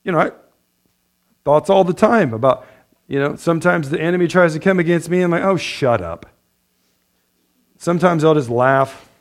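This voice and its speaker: A man's voice: fairly high pitch, a little fast. A man preaching a sermon, reading scripture and laughing often between points. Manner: lively, laughs often, loud bursts of praise. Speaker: pastor.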